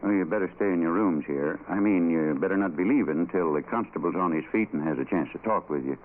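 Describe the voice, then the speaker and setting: An actor playing a suspicious older country doctor in a 1940s radio drama, with a slow, probing manner. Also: male voice, low voice, lightly acted. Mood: doubting. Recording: tinny lo-fi old radio recording with hiss.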